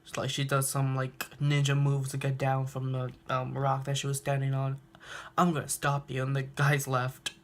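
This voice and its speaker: A man's voice: medium pitch, completely flat delivery, normal speed, few pauses. Young man laughing through a recap. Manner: laughs often, acts out quotes. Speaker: reaction video host. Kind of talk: casual episode recap. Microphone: handheld phone.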